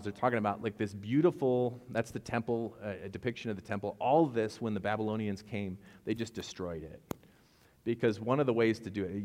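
Low-voiced man preaching in a reverberant hall. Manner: conversational, storytelling with asides and jokes. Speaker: pastor. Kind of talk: sermon.

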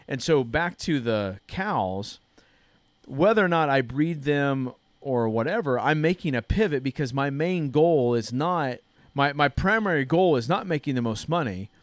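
A man's voice: medium pitch, expressive, unhurried, no room sound. A man in his thirties hosting a church podcast, telling a story in a casual, earnest way. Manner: earnest storytelling, frequent restarts. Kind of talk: casual chat.

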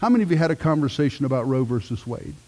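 A middle-aged man, a pastor, preaching a sermon with emphatic swells and hushed moments. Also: medium pitch, expressive, racing, in a large hall.

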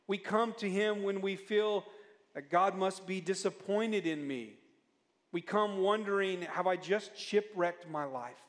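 A man preaching a sermon as a pastor, earnest and often dropping into soft, low tones when he pleads. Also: a little slow. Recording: long reverb of a church hall.

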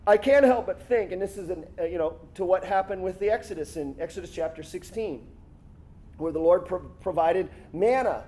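A man preaching a sermon with a fairly high voice. He talks in a lively, conversational way and acts out the lines he quotes. His pitch and loudness rise and fall as he makes his points. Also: normal speed. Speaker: pastor.

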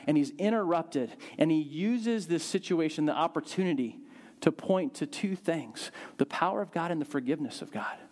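A man preaching a sermon, telling a Bible story in a lively way and acting out the quotes with big swings in his voice. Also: fairly high pitch. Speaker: pastor.

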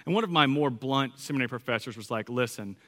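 A man in his thirties preaches a sermon, moving easily from scripture reading into chatty, personal storytelling. His voice has a bright, forward tone at an ordinary pitch, and it rings out with a long reverb. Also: fast. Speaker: pastor.

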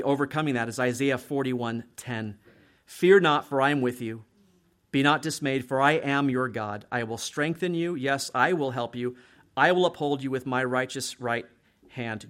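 A man's voice: medium pitch, a bit bright. A middle-aged man preaching a sermon as a pastor, talking conversationally and often checking in with "right?". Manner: conversational, frequent "right?" tag questions.

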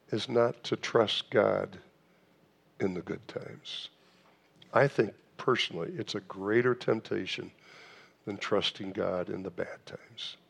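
A man's voice: lowish voice, vocal fry. A man preaching a sermon in a church, asking rhetorical questions, with frequent restarts and fillers. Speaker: pastor.

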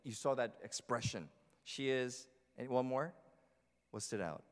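A man's voice: medium pitch, a little slow. Chatty preacher man in a reverberant sanctuary. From New Jersey. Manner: chatty, asks the congregation questions. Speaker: pastor. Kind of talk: conversational sermon. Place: church sanctuary. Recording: long hall reverb.

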